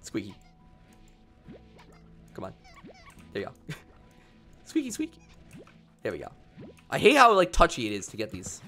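A man's voice: lowish voice, huge pitch swings, normal speed, long pauses, pushed and bright, soft background music. A young man streaming a video game, rambling playfully and reading viewers' messages aloud. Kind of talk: casual gameplay commentary.

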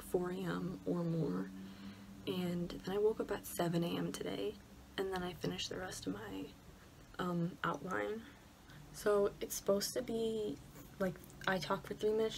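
A young woman with a Michigan accent, talking anxiously and often dropping to a whisper as she chats casually in her bedroom. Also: medium pitch. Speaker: college student vlogger. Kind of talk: casual vlog chat. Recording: steady background noise, lawnmower outside.

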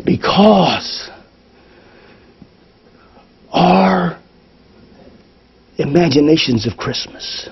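A man preaching a sermon to his congregation, moving between loud fervor and hushed lines. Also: a little high, expressive, drawn-out words, long pauses, husky, highs cut off. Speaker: pastor. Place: church service.

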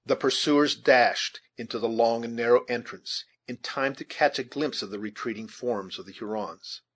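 A man with a mid-range voice reads a novel aloud as an audiobook, delivering scripted narration in a steady, measured manner.

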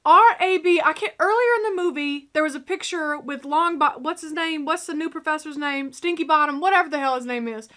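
A woman giving casual reaction commentary to a film, animated and exclaiming out loud. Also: high voice, brisk, hardly any pauses. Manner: animated, exclaiming and joking aloud. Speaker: reaction video host.

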